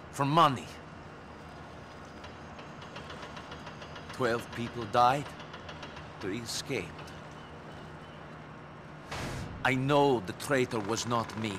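An actor playing a hardened war veteran in a game, talking in a grim, dry, deadpan way. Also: male voice, medium pitch, noisy background, natural voice. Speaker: game protagonist.

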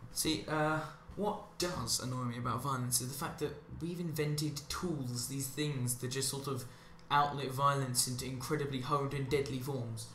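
Speaking at an unhurried pace in a steady mid-range voice with a fairly bright tone, a male commentary host riffs sarcastically over gameplay and wanders into tangents. Slight background noise sits under a roomy, echoey recording with faint ambience.

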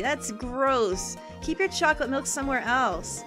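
A woman hosting a let's play, giving excitable, exclamatory commentary full of gasps and little asides of "darling". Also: sits high, brisk, few pauses, faint music behind. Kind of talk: reactive gameplay commentary.

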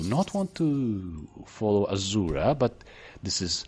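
A man's voice: on the low side, very animated, slow, a little mellow, slight background noise. A man hosting a let's play, chatty, joking and self-deprecating, talking back to the game's characters. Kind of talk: casual game commentary.

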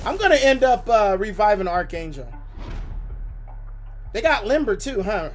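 A man livestreams a mobile game, commenting excitably and shouting and laughing at his opponent in slangy, playful banter. His voice sits high at a moderate pace, with soft music playing in the background.

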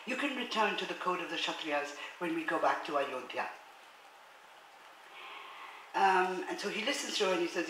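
A woman giving a public lecture, reading passages aloud in a measured, formal way and speaking hesitantly, with many fillers, between them. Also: lowish voice, lively intonation, noisy background. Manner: measured, formal read-aloud delivery of translated text. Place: lecture hall. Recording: roomy hall echo, faint ambience.

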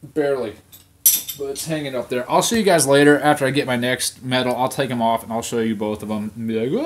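A man's voice: medium pitch, fairly even intonation, fairly quick. A young man venting on camera at home, swearing constantly as he rants about his week. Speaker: vlog host. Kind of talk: profane ranting monologue.

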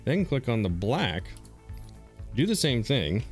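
A man calmly guiding viewers step by step through a software design tutorial, with easy fillers and small repeats. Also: mid-range voice, slow pace, soft background music. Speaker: streamer teaching a design tutorial. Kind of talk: screen-recorded software tutorial.

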